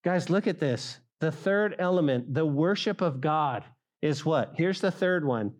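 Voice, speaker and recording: A middle-aged male pastor preaching a sermon, speaking straight to the congregation and rising loud for emphasis. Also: fairly high pitch, animated, takes it slowly. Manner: acts out quoted voices of listeners.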